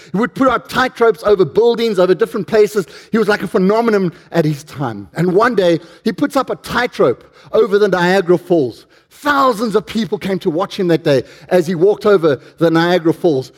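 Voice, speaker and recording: Male preacher, high voice, animated storytelling sermon with questions to the crowd.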